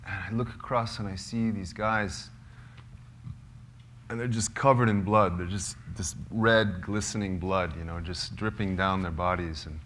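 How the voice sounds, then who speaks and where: A man, a filmmaker, telling a true story to a small live group, halting and searching for words with many fillers. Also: low-pitched, a bit bright, slight background noise. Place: cozy lodge hall gathering.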